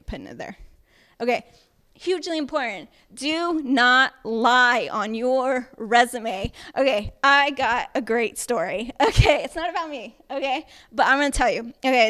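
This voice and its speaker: A woman with a slightly high voice lecturing at an acting workshop. She talks chattily and emphatically, with lots of fillers and quick check-ins with her listeners. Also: a bit bright.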